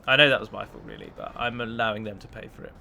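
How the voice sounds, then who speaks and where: A man's voice: on the low side, steady tone, rapid-fire, vocal fry, bright, forceful tone. A man hosting a let's play, chatting through a strategy battle and breaking down unit stats in a casual, analytical way. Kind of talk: casual gameplay commentary.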